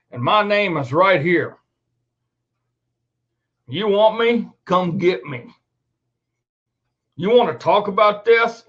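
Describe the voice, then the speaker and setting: A man's voice: very high-pitched, a bit bright. A man hosting his own show, ranting angrily and swearing emphatically in an indignant tone. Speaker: host. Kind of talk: angry commentary rant. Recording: dull lo-fi recording.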